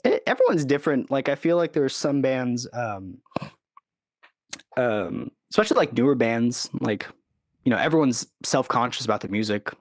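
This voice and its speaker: An animated man with a mid-range voice talks at normal speed as a podcast guest; he's a recording engineer and producer. In this casual interview he rambles, scatters "like" and "you know" everywhere, and acts out quotes. The sound is studio quality with no echo.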